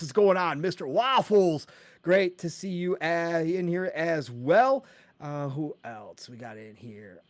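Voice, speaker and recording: A man hosting a casual gaming podcast live stream, talking excitedly and reading out chat names with quick greetings and casual swearing. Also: fairly high pitch, dry recording. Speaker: podcast host.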